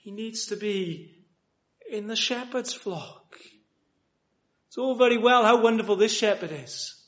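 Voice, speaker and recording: High-voiced man preaching earnestly. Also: measured pace. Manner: earnest, swings from loud appeals to hushed quiet. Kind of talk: sermon. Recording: dull lo-fi recording.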